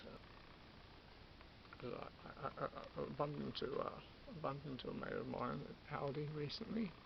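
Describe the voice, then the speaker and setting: An Australian man in his fifties rambling through a late-night vlog, full of restarts and repeats. His voice is gravelly, slightly high, and swings widely in pitch. The recording is dull and lo-fi with a faint hiss. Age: 50s. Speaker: vlogger. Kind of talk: rambling monologue.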